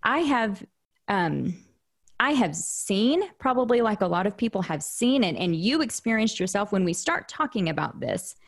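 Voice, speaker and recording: A woman hosts a casual interview conversation, speaking at a mid-range pitch. She thinks aloud, circling back with restarts and filler words as she works toward her point. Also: very animated, normal speed. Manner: reflective, frequent restarts and fillers. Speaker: podcast host.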